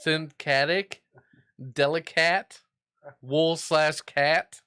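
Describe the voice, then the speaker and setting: A man's voice: fairly high pitch, steady tone, very slow, bright, forceful tone, clear, resonant tone, no room sound, studio quality. A man co-hosting a casual comedy podcast, laid-back and throwing in crude wisecracks. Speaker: co-host.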